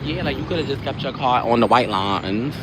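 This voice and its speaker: A man chatting casually on a live stream while walking outdoors, rambling from one topic to the next with quick asides. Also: medium pitch, expressive. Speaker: livestream host. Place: outdoors on a busy city street. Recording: noisy street with passing traffic.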